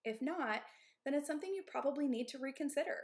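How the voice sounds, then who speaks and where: A woman's voice: high voice, lively intonation, fast talker, slight background noise. A woman in her thirties who owns and coaches at a gym, giving candid, emphatic advice on a live stream. She often checks in with "okay?" and "right?". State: out of breath.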